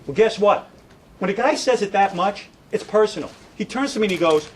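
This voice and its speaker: A man's voice: high-pitched, animated, fairly quick, a little hiss or hum, low-quality recording. A middle-aged man, a radio broadcaster, giving an indignant, sarcastic statement and taking questions at a press conference.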